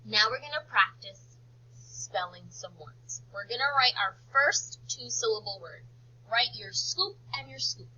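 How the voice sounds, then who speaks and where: Bright, lively teacher with a breathy voice. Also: female voice, mid-range voice, muffled recording. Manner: slow, drawn-out word modelling and encouraging praise. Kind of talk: phonics lesson for young children.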